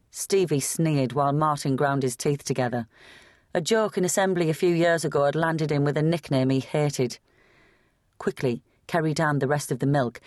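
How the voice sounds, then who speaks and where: An audiobook narrator reading a gritty novel in a steady, matter-of-fact storytelling manner on a close studio mic. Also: mid-range voice, normal speed, no echo. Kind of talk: scripted narration.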